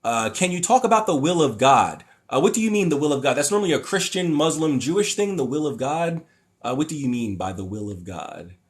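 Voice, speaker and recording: A young adult man hosts a casual livestream, reading viewer comments aloud and reacting in a rambling, opinionated way full of fillers and restarts. He puts on mocking voices when paraphrasing others. His voice is on the high side, expressive, and a little fast.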